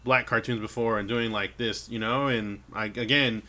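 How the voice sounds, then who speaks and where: A man's voice: fairly low pitch, steady tone, normal speed, pushed and bright. A man talking in casual chat, hesitant and full of fillers, swearing casually as he thinks aloud.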